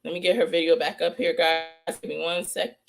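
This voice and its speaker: A woman's voice: fairly low pitch, steady tone, fairly quick, gravelly, soft background music. Woman host ranting emphatically. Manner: emphatic, scolding, repeats herself for stress. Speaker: psychic true-crime channel host. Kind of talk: heated casual vlog rant.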